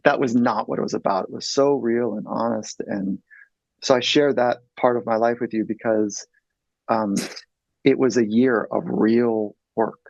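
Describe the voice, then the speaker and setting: A man's voice: mid-range voice, steady tone, normal speed, vocal fry, a little mellow, no echo, lo-fi sound. A man in his fifties, a psychologist guest, telling a personal story in an earnest, blunt way and swearing freely.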